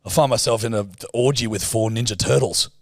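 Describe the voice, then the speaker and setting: A man's voice: medium pitch, fairly quick, no echo. A man co-hosting a podcast, joking and teasing in crude casual banter. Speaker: podcast co-host.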